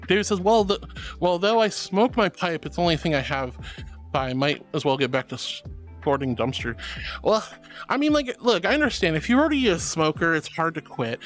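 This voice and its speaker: High pitched guy streamer gushing at his chat, calls everyone sweetie, soft music in the back. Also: expressive, moderate pace. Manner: effusive, calls viewers honey and sweetie. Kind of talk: casual chat reading viewer messages.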